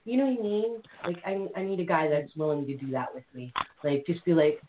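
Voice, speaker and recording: A woman's voice: deep voice, a little fast. A woman hosting a live call-in talk show, talking in a brash, bawdy, playful way. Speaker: host. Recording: tinny phone-line audio with faint hiss.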